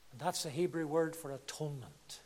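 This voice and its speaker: High-voiced preacher in an echoing hall. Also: male voice, fairly quick. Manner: impassioned, swinging between hushed and loud. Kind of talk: sermon. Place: church. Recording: reverberant church hall.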